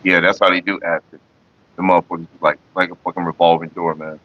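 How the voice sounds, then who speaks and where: A man hosting a livestream who tells profane, animated stories in a casual way and chats with viewers. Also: low voice, quick pace, lo-fi sound. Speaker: livestream host.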